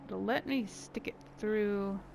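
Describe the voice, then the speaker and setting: A woman's voice: medium pitch, takes it slowly, creaky, a little mellow, slight background noise. A woman giving casual gameplay commentary, muttering and thinking aloud to herself as she builds. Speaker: gameplay channel host.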